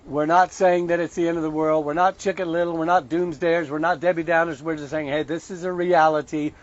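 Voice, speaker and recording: A man leads an online show in a conversational sermon style. He reads scripture aloud and breaks in with pointed, emphatic asides. His voice sits slightly high for a man, and the recording sounds a little muffled and lo-fi. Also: steady tone, a little fast. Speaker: online preacher and show host.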